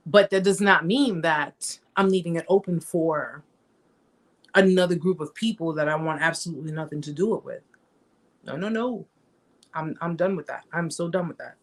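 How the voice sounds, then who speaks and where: A woman hosting a live-stream chat, talking conversationally and emphatically, repeating herself and acting out the stories she tells. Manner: reenacts stories with raised pitch. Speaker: host.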